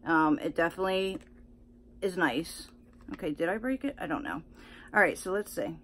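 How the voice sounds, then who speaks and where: Chatty excitable woman beauty vlogger. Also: on the low side, moderate pace. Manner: chatty, excitable, many fillers and restarts. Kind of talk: casual unboxing chat.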